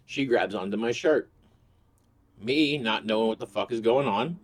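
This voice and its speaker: A man hosting his own channel, telling a crude, rambling comic story full of swearing. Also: mid-range voice. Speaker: host. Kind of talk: casual comedic storytelling.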